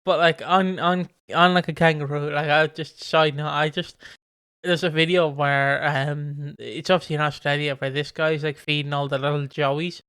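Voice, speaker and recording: A man's voice: a little high, little pitch movement, normal speed, fairly bright tone, smooth, no room sound. A man co-hosting a casual podcast chat, rambling with fillers and easy laughs. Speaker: podcast co-host.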